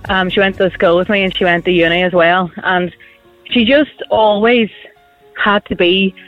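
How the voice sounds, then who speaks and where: A woman's voice: mid-range voice, moderate pace, dry recording, phone-quality sound, faint music behind. A woman from Derry with a Derry accent, calling in to a radio show and telling an anecdote with frequent giggles. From Derry, Northern Ireland. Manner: giggly, animated storyteller. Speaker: caller. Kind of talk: phoned-in anecdote.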